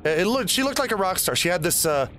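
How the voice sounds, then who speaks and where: A man's voice: high voice, fast talker, background noise. A man in his forties telling a rambling personal story while playing a game, with game sounds behind him. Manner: rambling, animated, swears at the game. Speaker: gaming storyteller host. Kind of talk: personal storytelling over gameplay.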